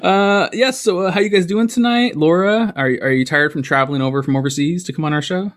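A man's voice: high-pitched, brisk, a bit bright. A man hosting a podcast in casual chat, laughing often and repeating his phrases. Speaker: podcast host.

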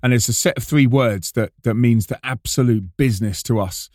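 A man, a preacher and band frontman, telling a story in an animated, self-mocking way, often restarting and repeating his words. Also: medium pitch, normal speed, no echo, studio quality. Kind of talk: storytelling monologue.

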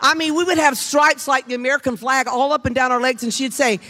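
Folksy woman preaching with animated humor. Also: high-pitched, quick pace. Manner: animated, chatty, folksy, addresses the room with questions. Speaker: pastor's wife preaching to a congregation. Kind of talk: humorous storytelling sermon. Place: church sanctuary with a live congregation.

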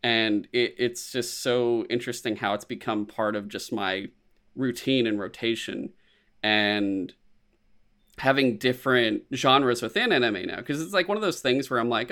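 Excitable, swearing man in casual chat. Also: medium pitch, moderate pace. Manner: excitable, profane, swears freely. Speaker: podcast co-host.

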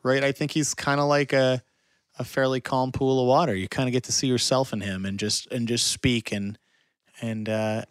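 A man with an average-pitched voice chats easily as a podcast co-host, tossing in quick checks like "right?" as he talks. His voice is close and dry. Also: level tone, smooth, no room sound. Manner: conversational, often checks in with "right?". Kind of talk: casual chat.

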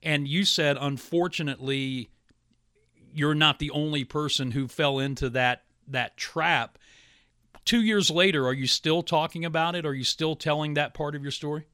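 A man's voice: on the high side, normal speed, bright, forceful tone, clean tone, no echo, clean studio sound. A middle-aged man hosting a radio interview, asking brief, affirming questions. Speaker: radio show host.

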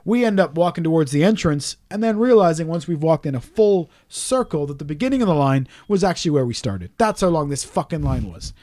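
A man's voice: fairly high pitch, animated, a little fast, hardly any pauses, warm tone, no echo, clean studio sound. A man telling a long story on a casual podcast chat, swearing often and ranting in exasperation.

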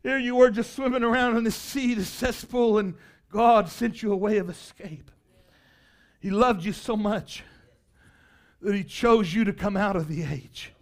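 A male preacher giving a fiery sermon, asking the congregation questions and building to impassioned shouts. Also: a little slow. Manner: high-pitched, emphatic, sweeps between quiet and loud.

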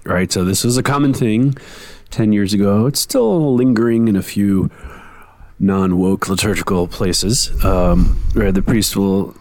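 A man's voice: on the low side, a little mellow, no room sound. A man co-hosting a podcast, griping in a playful, cranky way during casual chat. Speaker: podcast co-host.

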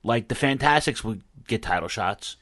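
A man's voice: fairly low pitch, lively intonation, moderate pace, a bit bright, dry recording, studio quality. A man co-hosting a casual chat, talking in a loose, rambling way with many restarts and fillers. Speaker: podcast co-host. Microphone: own mic he mutes.

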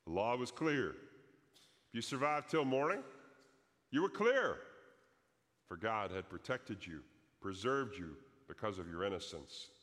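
A man's voice: on the low side, big pitch swings, a little slow, pauses often, a bit bright, long reverb tail. A man preaching a sermon as pastor, telling a story dramatically and acting out the quoted prayers.

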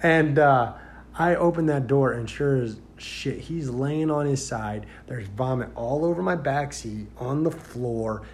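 A man who works as a deputy, telling a story in a casual, rambling way with many fillers and growing loud and animated as he goes. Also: mid-range voice. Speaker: sheriff's deputy.

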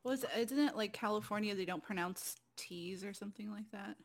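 A woman chatting casually on a podcast. She states her opinions bluntly and plainly, in a mid-pitched, everyday voice. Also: moderate pace. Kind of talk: casual chat.

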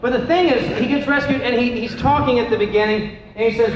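A high-voiced man leads a Bible class as its pastor, chatty and joking, throwing questions out to the room. He is picked up in a big echoey hall with a long reverb tail. The sound is dull and lo-fi, with a faint hiss underneath. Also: fairly quick, hardly any pauses. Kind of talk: casual Bible class teaching.

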